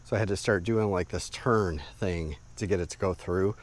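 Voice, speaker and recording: A man casually narrating an outdoor knife test, relaxed and rambling with lots of fillers, outdoors in the woods. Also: low-pitched, normal speed. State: a bit out of breath. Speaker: outdoor gear reviewer.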